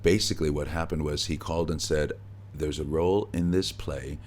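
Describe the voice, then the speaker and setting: A middle-aged actor, a guest in an interview, telling stories in a relaxed way with easy laughs, recorded backstage at a theatre. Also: male voice, very deep voice, fairly quick, a little hiss or hum. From United States. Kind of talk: conversational interview.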